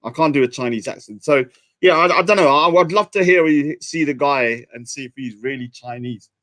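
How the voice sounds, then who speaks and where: A man's voice: medium pitch, fairly quick, a bit bright. A young man with a British accent, rambling and self-mocking as a livestream host in casual chat. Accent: British English.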